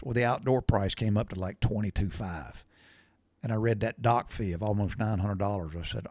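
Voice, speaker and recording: A man's voice: on the low side, fairly quick, a little mellow, no echo. A middle-aged man, hosting a podcast and telling rambling stories in a folksy, blunt way with salty language. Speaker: podcast host. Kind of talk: rambling storytelling monologue.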